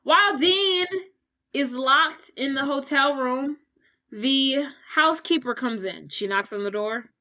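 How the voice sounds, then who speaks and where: A woman podcast host casually recapping a film plot in a chatty, animated way, with filler words. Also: sits high, takes it slowly, poor audio.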